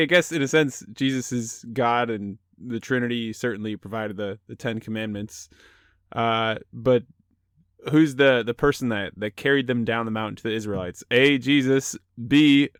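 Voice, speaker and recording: A man's voice: medium pitch, clean tone, no echo, studio quality. A young man hosting a casual Christian podcast, upbeat and joking, often laughing. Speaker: podcast host.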